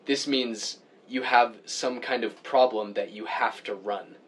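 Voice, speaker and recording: A man in casual chat, opinionated and animated as he grumbles about things that bother him. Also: measured pace, breathy edge. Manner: animated, pitch jumps when worked up.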